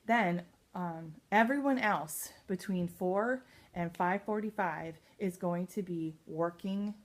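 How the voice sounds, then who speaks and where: A woman's voice: lowish voice, a little mellow. Upbeat chatty woman coaching a team. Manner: upbeat and chatty, many fillers. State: excited and nervous. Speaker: sales team leader. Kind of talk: casual training talk. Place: home at night.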